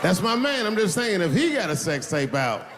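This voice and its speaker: A male stand-up comedian telling stories on stage in an animated, profane way. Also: sits high, normal speed, crowd noise. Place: live comedy venue. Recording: reverberant hall with noisy ambience.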